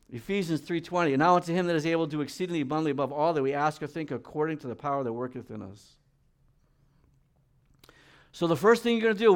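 A middle-aged man preaching a sermon as pastor, reading scripture and acting out the people in it in lively voices. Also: fairly high pitch.

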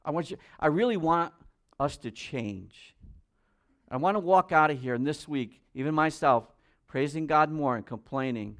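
A man with a fairly high voice preaching a sermon in church. He talks emphatically and puts questions straight to the congregation. His voice rises for stressed words and drops low and quiet for asides. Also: normal speed. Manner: asks the congregation direct questions. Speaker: pastor.

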